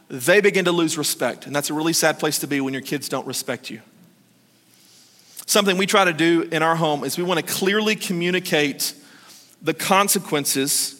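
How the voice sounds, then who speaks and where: A man's voice: fairly high pitch, pushed and bright. Joking male pastor in a reverberant hall. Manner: conversational and joking, acting out short quotes. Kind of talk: sermon.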